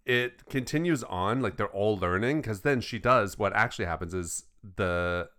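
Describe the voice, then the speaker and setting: Brief: young adult male co-host, lower voice, eager and rambling in talk about films. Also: moderate pace, a bit bright. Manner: enthusiastic, rambling storyteller. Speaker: podcast co-host. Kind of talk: casual film chat.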